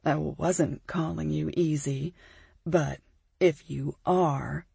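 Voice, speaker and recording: A woman reading an audiobook, voicing a smug, seductive wealthy man in a low, silky murmur. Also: steady tone, slow pace, gravelly, dark tone, husky, dry recording, heavily acted.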